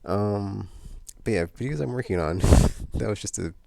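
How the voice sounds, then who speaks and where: A man's voice: on the low side, a little slow, creaky, mellow, no echo, studio quality. A man vlogging in a casual, meandering chat, full of fillers and restarts.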